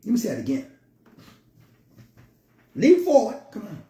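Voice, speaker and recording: A man delivers a motivational monologue with a preachy yet playful manner, dropping slangy asides. His voice sits high and swoops widely, with a warm, mellow color. The room around him adds a noticeable echo. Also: wildly swooping pitch, measured pace, long pauses. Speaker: motivational speaker.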